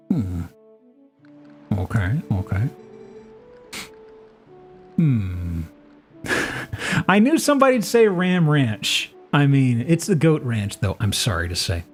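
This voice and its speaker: A man streaming a game live, chatting casually and playfully, with loud, sudden, high-pitched exclamations. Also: sing-song, slow, long pauses, faint music behind. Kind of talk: casual live gameplay chat.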